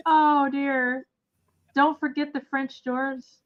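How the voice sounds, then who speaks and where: A woman's voice: on the high side, normal speed, a bit bright. A woman hosting a live vintage sale, chatting in a rambling way with laughing asides. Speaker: host selling vintage items. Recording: dull lo-fi sound.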